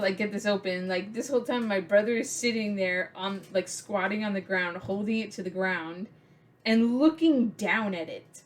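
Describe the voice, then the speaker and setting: A young woman vlogger telling a casual story, rambling with many "like" fillers. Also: mid-range voice.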